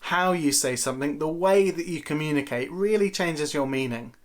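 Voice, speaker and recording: A man's voice: fairly high pitch, moderate pace. A man giving a conversational, lightly playful Bible teaching talk to camera for a church video series.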